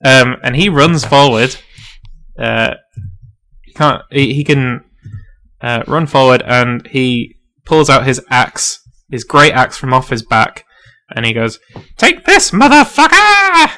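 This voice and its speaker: A man's voice: medium pitch, slow pace, sharp tone. A man narrating a tabletop role-playing game as game master, casual and full of fillers, laughing often.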